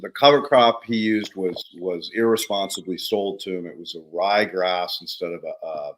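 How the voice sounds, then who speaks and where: A man hosting a podcast in a casual interview chat, an animated storyteller who acts out the people in his anecdotes. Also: low voice, moderate pace, a little hiss or hum, low-quality recording. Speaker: podcast host.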